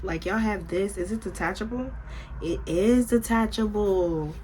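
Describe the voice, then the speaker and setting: A woman's voice: medium pitch, measured pace, dark tone, slight background noise. A young American woman chatting casually to her viewers while unboxing and fitting a wig. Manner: chatty, talks straight to viewers with "y'all". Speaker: vlogger.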